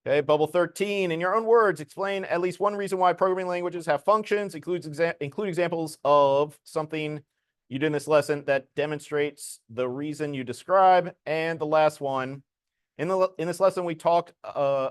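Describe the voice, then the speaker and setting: A man's voice: a little high, fairly quick, clean tone, no echo, clean studio sound. A man teaching a programming lesson to a class, explaining code casually as he demonstrates it.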